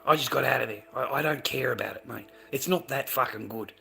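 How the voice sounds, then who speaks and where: A man tells a profane story in blunt, blokey chat. He keeps calling the listener mate and bro. His voice is bright and sharp, at an ordinary pitch for a man. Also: a little fast, vocal fry. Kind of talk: casual crude storytelling.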